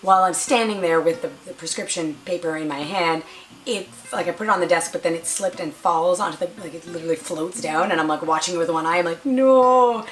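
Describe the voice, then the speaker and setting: A young woman vlogger chats casually through a storytime, playing up her own drama and acting out quoted lines in a higher voice. Her intonation stays fairly even, and she speaks fast.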